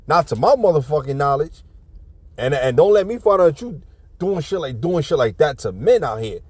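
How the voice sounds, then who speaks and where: A man's voice: a little high, sing-song, moderate pace, slightly rough, no echo. A man giving casual ranting commentary on a video clip, blunt, profane and preachy, often restarting his sentences.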